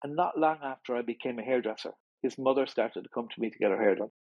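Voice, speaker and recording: A middle-aged Irish man speaking candidly as an interview guest in a studio, often halting and repeating words as he restarts. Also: medium pitch, slightly rough, no echo, muffled recording. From Ireland.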